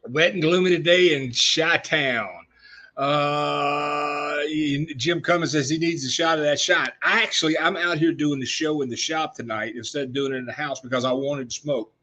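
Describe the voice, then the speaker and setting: A middle-aged man hosting a casual live show from his workshop, talking at a medium pitch. He rambles with lots of fillers and restarts and sounds a little choked up from coughing. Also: fairly bright tone. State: coughing spells. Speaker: show host. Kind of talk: casual live-stream chat.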